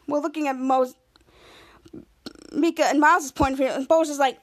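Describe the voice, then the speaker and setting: A woman's voice: high-pitched, fairly even intonation, moderate pace, pauses often. A woman hosting a podcast, casually recapping a TV episode in a rambling way, repeating herself and restarting her sentences. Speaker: podcast host.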